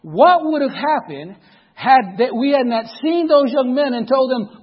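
Husky high-voiced man preaching a story. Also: animated, moderate pace, dull audio. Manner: dramatic storyteller who checks in with the listeners. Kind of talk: storytelling sermon.

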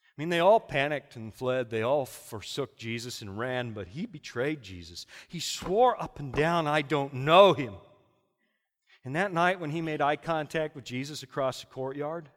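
Impassioned preacher man, lively high voice. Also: moderate pace, in a large hall. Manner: dramatic, impassioned storytelling. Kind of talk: sermon.

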